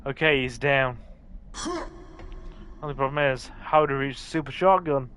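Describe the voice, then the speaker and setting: A man's voice: medium pitch, steady tone, unhurried, a bit bright, smooth. A man from northern England hosting a live gameplay stream, chatting with viewers and reacting to the game as he plays. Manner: chatty, reads and answers viewer chat while playing. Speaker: livestream host.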